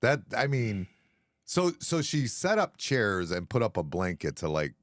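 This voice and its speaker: A man's voice: fairly low pitch, very animated, unhurried, dry recording, clean studio sound. A man co-hosting a casual bar-talk podcast, reacting to a story with teasing disbelief. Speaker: podcast co-host.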